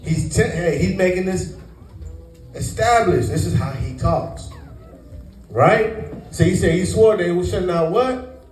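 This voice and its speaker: A man's voice: high-pitched, animated, slow, pauses often, a little mellow, faint music behind. A man teaching scripture to a congregation, quizzing them to fill in the words. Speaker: Bible teacher. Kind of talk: call-and-response sermon teaching. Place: congregation meeting room. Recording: echoey room, mic far off.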